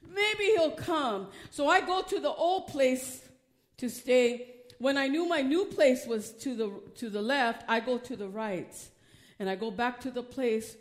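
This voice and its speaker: Woman preacher, testimony sermon, emotional, swings from hushed to loud, slightly high voice. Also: unhurried.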